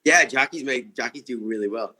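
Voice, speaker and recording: A man's voice: mid-range voice, brisk, pushed and bright. A man calling in as a guest, friendly and upbeat in a casual chat.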